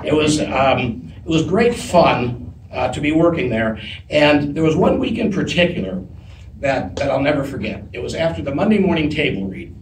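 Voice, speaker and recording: Animated man telling a story on stage. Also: a little high, moderate pace. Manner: animated, often breaks into laughter. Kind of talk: live storytelling to an audience. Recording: echoey distant live room recording with noise.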